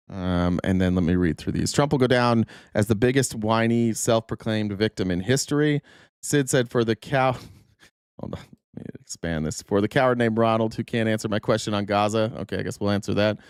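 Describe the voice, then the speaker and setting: A man hosts a live political talk stream, reading viewer comments in a blunt, offhand way. His voice sits low and comes through smooth and clean. The sound is dry and close, with no room echo. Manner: blunt, swears freely, laughs at jokes. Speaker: political talk show host.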